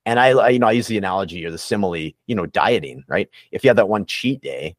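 A man's voice: lowish voice, lively intonation, fast talker, dry recording, studio quality. A man talking candidly and reflectively in a casual podcast interview, with many fillers and restarts. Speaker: recovery coach guest.

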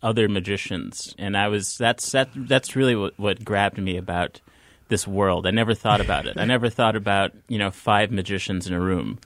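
A man, a comedian hosting a podcast, asking easy, relaxed questions. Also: on the low side, normal speed, no room sound. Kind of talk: casual conversation.

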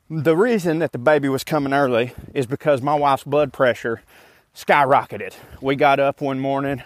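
A man's voice: mid-range voice, dry recording. A man, out of breath as he walks and talks into his phone, giving a chatty, joking update to his podcast listeners. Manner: chatty, laid-back, joking. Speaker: podcast host. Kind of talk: casual walking update. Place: outdoors on a walk. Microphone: phone mic instead of usual microphone.

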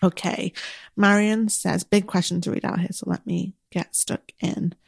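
A woman's voice: on the low side, steady tone, moderate pace, creaky, slightly rough, no room sound, studio quality. A woman, a business coach, gives encouraging, chatty advice in a casual solo Q&A with many filler words. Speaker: business coach answering listener questions.

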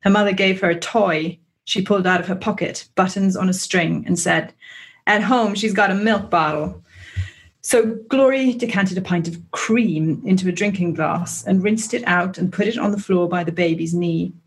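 Voice reading a novel passage aloud. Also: mid-range voice. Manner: measured literary reading, doing American voices for characters. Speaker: book club member.

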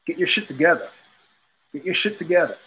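A man's voice: on the high side, very animated, brisk, bright, forceful tone, slightly rough, low-quality recording. A man hosting his own show, telling stories in a blunt, profane, casual monologue and repeating phrases for emphasis. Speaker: podcast host.

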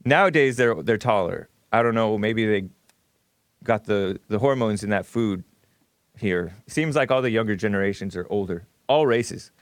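A man's voice: on the low side, moderate pace, no echo. A man hosting a casual livestream monologue, rambling with frequent fillers, restarts and chuckles. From California. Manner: rambling, laughs often, many fillers and restarts. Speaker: host.

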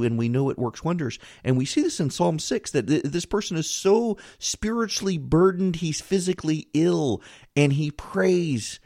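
A man hosting a podcast, giving an earnest devotional reflection in a pleading, halting way, often restarting his words. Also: mid-range voice, a little mellow, no room sound, clean studio sound. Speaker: podcast host.

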